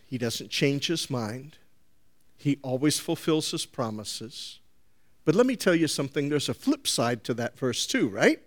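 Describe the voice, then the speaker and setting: Man, preacher, sermon, emphatic, rhetorical questions, fairly high voice.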